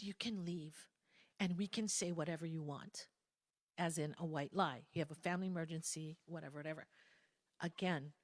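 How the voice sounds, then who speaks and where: A woman speaking at a spiritual gathering, telling a candid personal story in a reflective, conversational way with soft asides. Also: fairly low pitch, dry recording. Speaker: guest speaker.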